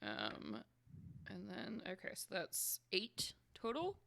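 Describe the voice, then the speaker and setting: Expressive, laughing woman gamer. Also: medium pitch, slow, gravelly. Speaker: player. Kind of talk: casual tabletop play.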